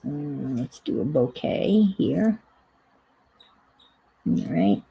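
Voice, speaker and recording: A woman's voice: rumbling low, very animated, very slow, gravelly, dark tone, husky, rough recording. A woman hosting a casual crafting stream, thinking aloud and rambling in a self-deprecating way as she works. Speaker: crafting livestream host. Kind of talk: casual chat while crafting.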